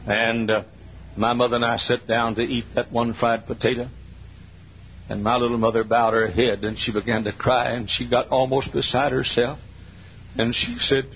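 An older man in his sixties delivering a sermon in church, moving between folksy storytelling and fervent, near-shouted passages. His voice sits at a medium pitch, on a dull, lo-fi recording with a faint hiss behind it. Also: flat delivery, normal speed. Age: 60s. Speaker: preacher.

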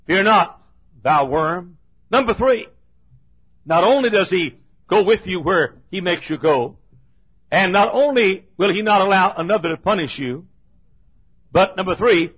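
Husky-voiced preacher man, lo-fi. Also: high voice. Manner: rambling folksy storytelling that builds to loud shouting. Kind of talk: sermon. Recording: dull lo-fi sermon recording.

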